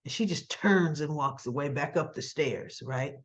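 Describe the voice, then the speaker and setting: A woman casually recapping a soap episode in a chatty, conversational way, dropping quick asides to the listener. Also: deep voice, muffled recording. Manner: chatty, conversational asides, acts out quoted lines. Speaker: soap opera recap vlogger.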